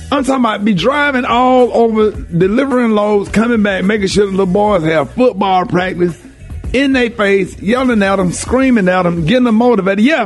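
Older guy on a morning show, high voice, preachy and fired up, repeats himself a lot, faint music behind. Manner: emphatic and preachy, repeats phrases for emphasis. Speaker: radio show host. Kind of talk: impassioned morning-show monologue.

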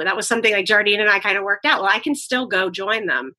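Bright-voiced woman telling lively stories. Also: medium pitch, quick pace. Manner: lively anecdotes, laughs often. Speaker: guest author. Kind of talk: storytelling conversation.

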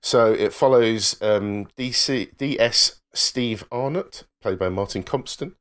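A man's voice: mid-range voice, slow pace, a bit bright, smooth. A man chatting casually on a podcast, enthusiastic and full of fillers. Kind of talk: casual chat.

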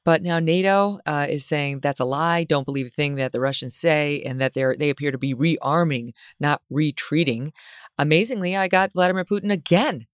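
A woman's voice: sits low, normal speed, smooth, dry recording, studio quality. A woman host running a playful mock interview, wry and teasing.

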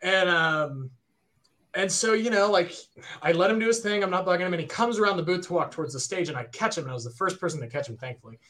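A guitarist in his thirties, with a high voice and a fast pace, tells a story in casual chat. He is animated and excitable, sprinkling in plenty of "like" and "right?".

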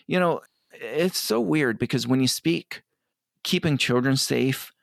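A middle-aged man talking earnestly as an interview guest, often quoting others in quick asides. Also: medium pitch, gravelly, dry recording, clean studio sound. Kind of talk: conversational interview.

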